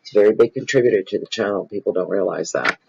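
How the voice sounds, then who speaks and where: A man, hosting his own tarot channel and talking casually and off the cuff to viewers. He is expressive and rambling, and he repeats phrases for emphasis. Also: fairly low pitch, quick pace, gravelly, heavy background noise. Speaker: tarot reader and channel host. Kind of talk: casual improvised spiritual talk to viewers. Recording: dull lo-fi recording.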